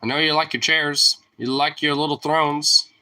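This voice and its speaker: Young man, very bright sharp voice, casual profane rambling, teasing his dog, squeaky calls. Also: fairly even intonation, moderate pace. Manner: sudden high squeaky voice when calling his dog. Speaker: vlogger talking to his dog. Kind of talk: casual chat.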